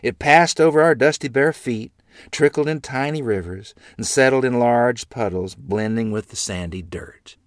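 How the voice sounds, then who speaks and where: A man narrating a read-aloud story in an expressive, good-humored manner. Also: mid-range voice, normal speed, no echo, studio quality.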